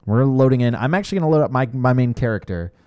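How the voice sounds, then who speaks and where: A man's voice: medium pitch, animated, fast talker, a little mellow, a little hiss or hum. Chatty man narrating gameplay. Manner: chatty, good-humored, often restarts sentences. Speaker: co-host showing gameplay. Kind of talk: casual gameplay commentary.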